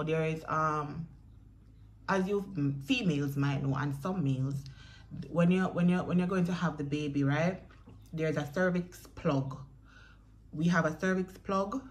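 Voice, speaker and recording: A young Jamaican woman in a chatty storytelling vlog who speaks straight to her viewers. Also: deep voice. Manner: chatty, addresses viewers directly, acts out quoted voices. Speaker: vlogger.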